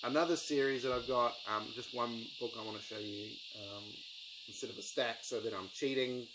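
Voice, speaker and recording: A man chats through his book collection in a loose, rambling way, full of ums and restarts. His voice sits at an ordinary middle pitch. Crickets and outdoor ambience come through clearly behind him. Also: steady tone, a little fast, very noisy. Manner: rambling, enthusiastic, lots of ums. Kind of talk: casual book review vlog.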